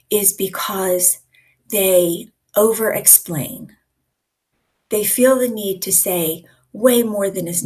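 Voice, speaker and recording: Husky-voiced woman coaching on a video call. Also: medium pitch. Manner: lively, conversational teacher who acts out examples. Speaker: communication coach. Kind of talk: live online coaching session.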